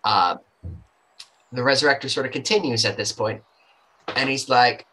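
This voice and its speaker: A man running a tabletop role-playing game, narrating the scene in a loose, rambling style full of asides. His voice is bright and forward. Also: mid-range voice, moderate pace, pauses often, rough recording. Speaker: game master.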